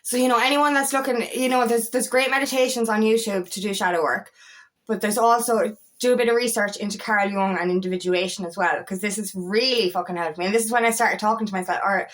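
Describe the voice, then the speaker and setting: A woman's voice: medium pitch, fairly even intonation, fast talker, fairly bright tone. A woman with an Irish accent, an empowerment coach giving a casual motivational talk, emphatic and swearing freely.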